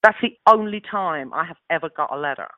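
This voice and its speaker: A woman in her sixties with a London Cockney accent, telling animated stories with laughs as a guest actress. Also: lowish voice, a little fast, no echo. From London, England. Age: 60s. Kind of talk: casual anecdote. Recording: tinny phone-like audio.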